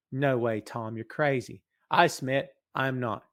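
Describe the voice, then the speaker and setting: A middle-aged man hosting a live wrestling podcast from his office, reading out chat comments in an animated, hyped way. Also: medium pitch, takes it slowly. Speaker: podcast host. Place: home office.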